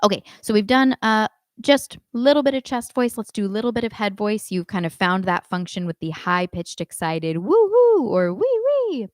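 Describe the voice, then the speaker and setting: A woman teaching a live online singing class, giving calm instructions and demonstrating warmup sounds herself. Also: medium pitch, moderate pace, dry recording. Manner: coaching, demonstrates vocal exercises between instructions. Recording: dry close sound with faint piano.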